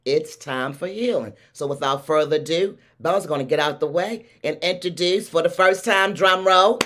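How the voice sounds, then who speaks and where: A woman's voice: sits low, normal speed, background noise. A woman from Baltimore with a Baltimore accent, hosting a livestream talk show and hyping up her audience in an effusive way. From Baltimore, USA. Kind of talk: hyped livestream show intro.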